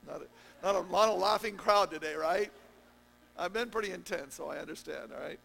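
Gravelly-voiced male preacher, animated. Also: fairly quick, poor audio. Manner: animated preaching, swinging from loud emphatic peaks to low quiet stretches; jokey, conversational asides to the congregation. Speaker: pastor. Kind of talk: sermon.

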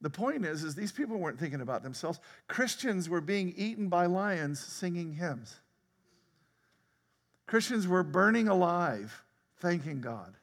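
A man preaching a sermon as pastor, talking conversationally, laughing often and breaking into sudden loud outbursts. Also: high voice, animated, unhurried, gravelly, big-room sound. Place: church sanctuary.

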